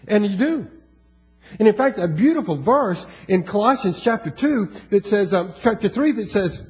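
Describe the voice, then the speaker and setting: A man's voice: high-pitched, big pitch swings, moderate pace, darkish tone, faint music behind. A man with a Southern US accent preaching a sermon in a folksy way, with joking asides and rising emphasis. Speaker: pastor.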